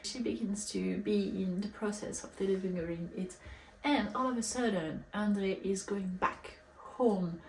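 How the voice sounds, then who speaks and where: Slow, chatty young woman in an echoey room. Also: mid-range voice. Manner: chatty, acts out quotes, filler "like". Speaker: book reviewer. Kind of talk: casual plot summary. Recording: echoey room, faint hiss.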